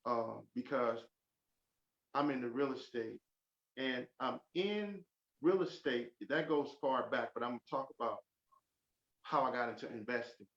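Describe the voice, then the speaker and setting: A man's voice: unhurried, pauses often. Fervent man giving a testimony. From Oakland. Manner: fervent, builds to loud emphatic peaks. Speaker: podcast guest. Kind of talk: testimony in a podcast interview. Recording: roomy, dull low-fi sound.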